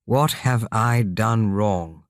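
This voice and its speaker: A soft-spoken young king, sad and earnest, as a man reads him aloud. His lines come slowly and deliberately, in a low voice with a dry, close sound. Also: no echo. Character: young male king, gentle and sorrowful. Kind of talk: audiobook character reading.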